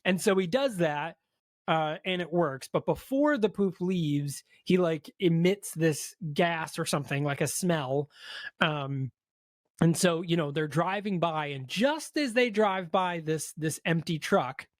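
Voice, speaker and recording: A man's voice: on the high side, animated, a little slow, dry recording, studio quality. A man co-hosting a podcast, casually retelling a film's plot and acting out the characters' lines with lots of fillers. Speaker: podcast co-host. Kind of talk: casual film recap.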